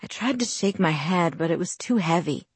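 A woman narrating a first-person novel as an audiobook in a soft, even storytelling voice. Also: fairly low pitch, moderate pace, breathy edge, no room sound.

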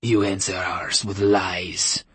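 A man putting on a curt, icy rabbi with a Russian accent for an audiobook. The voice sits low and husky, the words slow and deliberate, and every reply comes out clipped and hostile. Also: flat delivery, fairly bright tone, no room sound, exaggerated voice. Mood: cold.

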